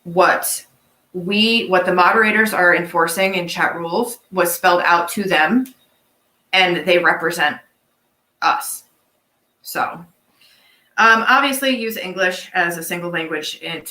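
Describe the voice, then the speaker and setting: A woman hosts a farm livestream and speaks to her viewers in an earnest, plain-spoken way. Her voice sits low but has a bright edge. The room around her gives it a clear echo. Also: normal speed. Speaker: farm channel host.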